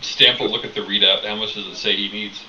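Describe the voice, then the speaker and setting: A man's voice: fairly low pitch, steady tone, fast, a crowd in the background. A man playing a tabletop game, stating his character's actions step by step. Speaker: player. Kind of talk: tabletop role-play. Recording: roomy, distant, lo-fi.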